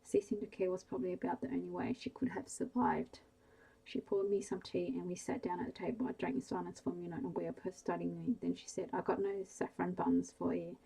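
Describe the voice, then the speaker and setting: A woman with a low, dark voice reads a bedtime story in a soft, hushed ASMR manner. Her tone is husky with a gravelly edge. She keeps her delivery flat and even throughout. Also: rough recording. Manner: slow, hushed, gentle reading.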